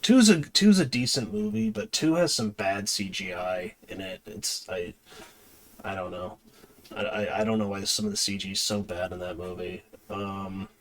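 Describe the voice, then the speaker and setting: A man reviewing a movie, casually retelling its plot with many fillers, pauses and restarts. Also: on the low side, fairly bright tone. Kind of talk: casual spoken plot recap.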